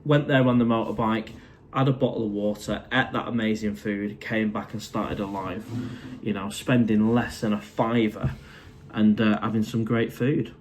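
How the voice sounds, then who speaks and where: Speaking at a normal pace in a lowish, flat, slightly mellow voice, a middle-aged Mancunian man from Manchester chats on a live stream inside his condo, with a little hiss or hum audible. He reads viewers' comments aloud and answers them matily, calling people mate.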